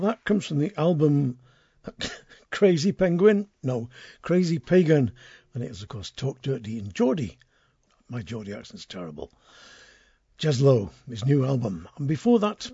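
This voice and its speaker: Gravelly, husky-voiced male radio presenter. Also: a little high, warm tone, no echo, lo-fi sound. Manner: chatty and enthusiastic, self-deprecating. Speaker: radio music show presenter. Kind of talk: casual radio chat.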